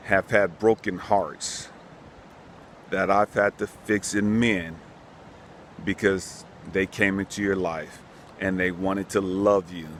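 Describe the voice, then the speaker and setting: A man quoting God in his story, voicing him as solemn, slow and reproachful. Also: low voice, slight background noise. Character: God, stern yet patient, rebuking.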